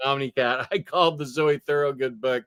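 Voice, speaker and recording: A man's voice: mid-range voice, steady tone, brisk, a bit bright, smooth, no room sound. A man hosting a casual show, telling stories and chuckling often. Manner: chuckling, storytelling. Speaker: host. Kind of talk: casual chat.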